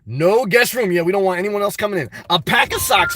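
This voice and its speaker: A man live-streaming a casual vlog, reading comments aloud and answering them in an animated, repetitive, exclamatory way. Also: high-pitched, brisk, faint music behind. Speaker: YouTube vlogger answering live chat.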